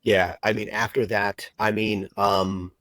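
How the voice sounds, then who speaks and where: A middle-aged man telling his personal story as a podcast guest, heartfelt and halting, with many fillers and restarts. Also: fairly low pitch, little pitch movement, a bit bright, no room sound, low-quality recording. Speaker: guest, recruiter and agency owner.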